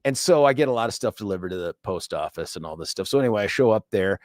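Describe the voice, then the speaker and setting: A man's voice: on the low side, expressive, fast talker, a little mellow, no echo, studio quality. A middle-aged man hosting a talk radio show, animatedly retelling a quarrel and acting out both sides. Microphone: studio microphone.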